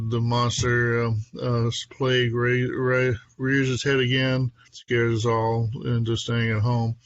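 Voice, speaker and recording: A man's voice: medium pitch, no echo, lo-fi sound. A man hosting a casual podcast chat, upbeat and chatty, often breaking into little laughs. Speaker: podcast host.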